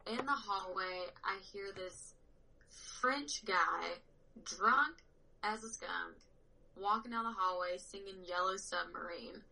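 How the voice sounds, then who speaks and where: Young woman, very bright voice, lively storyteller who laughs a lot. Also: mid-range voice, takes it slowly, vocal fry, a little hiss or hum, rough recording. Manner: animated storyteller, laughs often. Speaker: powerlifter guest. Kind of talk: casual chat.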